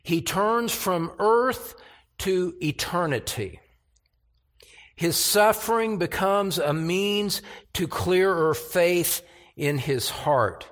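Slow, deliberate older male preacher. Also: sits high, fairly bright tone. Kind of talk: expository sermon.

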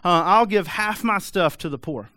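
A man's voice: high voice, normal speed, sharp tone, dry recording, studio quality, pitched above the performer's own voice. A man voicing an eager, humbled rich man pledging to give away his goods, in a sermon retelling.

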